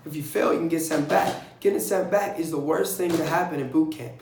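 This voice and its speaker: A young man speaking in a fairly high, gravelly voice, telling casual and profane stories. His delivery is blunt and gets animated whenever he acts out what other people said. The room around him is echoey. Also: fairly quick, slight background noise. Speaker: vlogger recounting navy boot camp. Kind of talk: casual storytelling.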